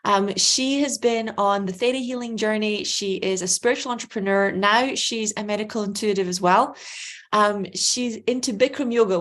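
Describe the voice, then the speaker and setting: Host: woman, excited and gushing, casual delivery, middle pitch. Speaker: host and mentor. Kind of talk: enthusiastic guest introduction.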